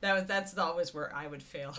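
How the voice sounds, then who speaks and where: A woman's voice: fairly low pitch, moderate pace, fairly bright tone. A woman hosting a livestream, chatting casually and rambling to her viewers. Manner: chatty, rambling, talks to the chat and her dog. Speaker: host of a miniature painting livestream.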